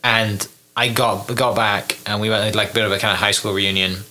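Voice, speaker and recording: A man's voice: fairly low pitch, fairly even intonation, brisk, pushed and bright. A young man hosting a podcast, telling stories casually with many fillers and restarts. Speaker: podcast host. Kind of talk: casual interview chat.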